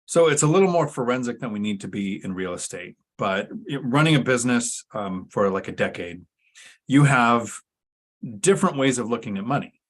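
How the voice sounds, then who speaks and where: A man's voice: mid-range voice, lively intonation, moderate pace. A man co-hosting a talk show, explaining things in a casual, teacherly way with sarcastic asides. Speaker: podcast co-host.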